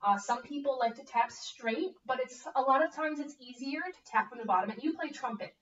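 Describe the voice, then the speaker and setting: A woman's voice: sits high, brisk, fairly bright tone. Upbeat young woman coaching a music student. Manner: upbeat, coaching with frequent okay checks. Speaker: bassoon teacher. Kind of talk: encouraging one-on-one music lesson. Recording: echoey, distant, dull room audio.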